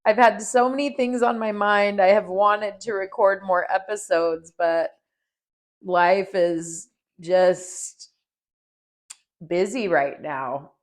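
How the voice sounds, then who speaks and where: A woman in her forties hosting a personal podcast, talking in a heartfelt, earnest way. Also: mid-range voice. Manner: heartfelt and earnest, speaks slowly. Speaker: podcast host. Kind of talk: personal reflective podcast talk.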